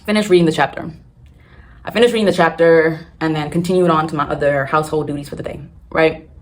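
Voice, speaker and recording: A woman vlogging candidly about her reading struggles, swearing freely and talking in long rushing run-ons. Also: low voice, fairly even intonation. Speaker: booktube vlogger. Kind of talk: casual storytelling vlog. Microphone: phone on a tripod.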